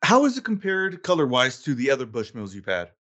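A man's voice: mid-range voice, huge pitch swings, brisk, pushed and bright. Chill guy hosting a podcast, laughs a lot, casual whiskey chat. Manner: laid-back, laughs easily. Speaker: podcast host.

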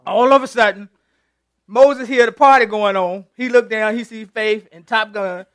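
A male pastor leads an interactive sermon, chatting with his congregation and joking with individual members. His voice sits high, and the recording is dry and close. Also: animated, a little slow, a bit bright, no echo. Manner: conversational, teasing the congregation, retells scripture with playful voices.

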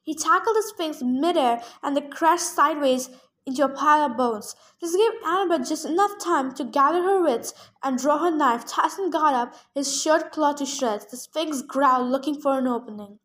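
A woman reading a novel aloud in first person, with steady storytelling. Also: high-pitched, moderate pace. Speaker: reader.

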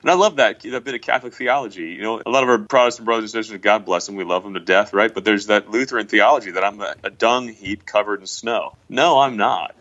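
A man's voice: fairly low pitch, fast, hardly any pauses, fairly bright tone, lo-fi sound. A man co-hosting a casual faith discussion, talking in an emphatic, preachy, exclamatory way. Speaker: podcast co-host.

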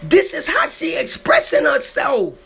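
Man, storyteller, slow deliberate pace, dramatic, emotional, repetitive, faint noise behind. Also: very high-pitched, huge pitch swings, sharp tone. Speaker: storyteller retelling an encounter.

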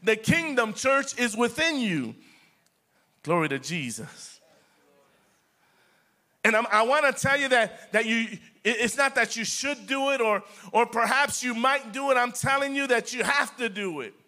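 Pastor, middle-aged man, high and bright, impassioned repetitive preaching. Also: animated, a little slow. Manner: impassioned preaching, repetitive, addresses the congregation as church. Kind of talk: sermon.

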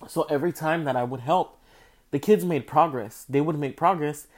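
A tired young man with a slightly high voice spins a rambling storytime. He swears freely, restarts often and stays animated. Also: moderate pace. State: tired, yawning. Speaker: vlogger telling a story. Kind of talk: casual storytime.

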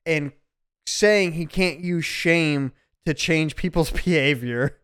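A man hosting a podcast in casual, profane, animated chat. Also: a little high, slow, clean tone, no echo, clean studio sound. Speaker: podcast host.

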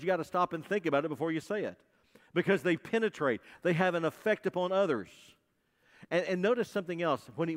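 A man with a fairly high voice preaches a sermon, stressing his points by repeating them and asking his listeners questions. His voice rings out with a long hall reverb, like a church sanctuary. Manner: emphatic, repeats key phrases, asks the congregation questions.

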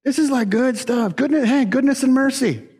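A man preaching a sermon as pastor in a church, animated and emphatic, repeating key words. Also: very high-pitched, normal speed, husky, in a large hall.

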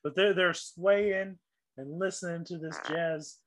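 A man's voice: sits high, steady tone, unhurried, a bit bright. A man running a tabletop game as dungeon master, narrating with easy laughs.

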